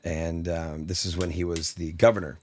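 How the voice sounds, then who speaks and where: A male comedian telling an animated story on a podcast, often restarting his sentences. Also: deep voice, normal speed. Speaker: comedian guest.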